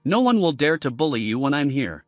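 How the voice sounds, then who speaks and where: A woman's voice: low-pitched, sing-song, fairly quick, no echo, studio quality, soft background music. A man reading the lines of a cold, domineering young woman in a narrated romance story, harsh and scolding in tone.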